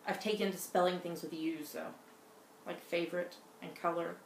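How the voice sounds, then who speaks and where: A middle-aged mother co-hosts a casual knitting podcast with her daughter from their home in Scotland, rambling along with plenty of fillers and restarts. Her voice sits on the low side, with fairly even intonation and a moderate pace. The recording has a roomy echo and faint noise.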